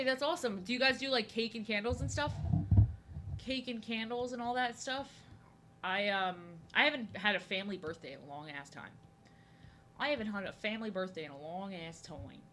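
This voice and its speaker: A woman's voice: medium pitch, animated, moderate pace, pushed and bright, slight background noise. A young woman chatting casually with her live chat while drawing, often saying things twice. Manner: chatty, answers chat, often repeats herself. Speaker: art streamer.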